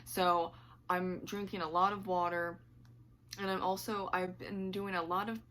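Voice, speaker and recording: A woman's voice: on the low side, little pitch movement, measured pace, fairly bright tone, a little hiss or hum. A woman book vlogger chatting casually to camera at home, rambling and laughing often, her voice slightly worn.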